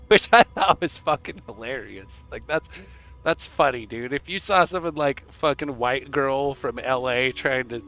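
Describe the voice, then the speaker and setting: A young man streaming to his chat, telling a rambling, profane story in a casual, animated way. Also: medium pitch, unhurried, faint music behind.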